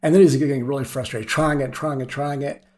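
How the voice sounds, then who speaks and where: A man's voice: mid-range voice, fairly even intonation, brisk, darkish tone. A middle-aged man, a veteran climber and podcast guest, telling stories in a casual, rambling way, often laughing and filling with "you know" and "like". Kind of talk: casual storytelling.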